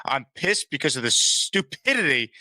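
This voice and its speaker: A man hosting a comedic sports talk show, teasing his callers with quick banter. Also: fairly high pitch, big pitch swings, sharp tone, dry recording.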